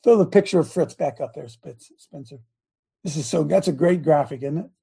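Male host-preacher, raspy and dark-toned, casual and chatty, fires questions at the audience. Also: fairly high pitch, brisk. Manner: animated, talks straight to viewers with repeated questions; restarts and stumbles often. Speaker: host of an online faith show.

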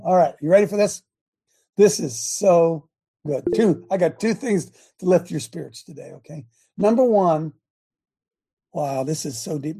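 A man's voice: on the high side, mellow, husky. A man hosting an online faith show, preaching casually to a live audience. He talks straight to viewers with lots of repeated questions and often restarts his sentences.

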